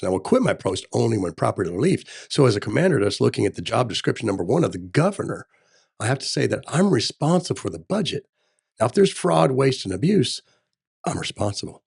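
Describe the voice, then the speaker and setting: A man's voice: medium pitch, sing-song, fast, creaky, a little mellow, breathy edge. A middle-aged man running for governor, talking in a casual interview with emphatic, military-style phrasing and frequent "right?" tags. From Texas. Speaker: gubernatorial candidate.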